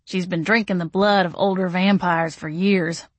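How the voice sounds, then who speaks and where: A woman's voice: lowish voice, fairly even intonation, moderate pace, no echo, close to an everyday voice. Woman doing a sneering male vampire. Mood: sarcastic. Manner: mocking, sarcastic. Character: sardonic male vampire, smiling nastily.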